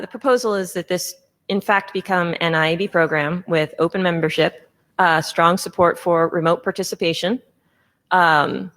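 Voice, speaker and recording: A woman's voice: fairly low pitch, a bit bright. A woman chairing a conference meeting session, presenting a proposal in an informal way with many fillers and restarts. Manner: informal, filler-heavy, self-correcting.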